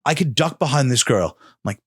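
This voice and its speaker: A man's voice: mid-range voice, expressive, a little fast, slightly rough, no echo, studio quality. A young adult man, a tattoo artist and podcast guest, telling a story in casual chat and acting out other people's voices.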